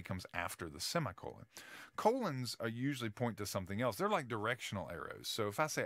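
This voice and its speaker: A man's voice: fairly low pitch, lively intonation, a little fast, a bit bright, dry recording. A male teacher giving a casual writing lecture, full of fillers and restarts, often checking in with "right?".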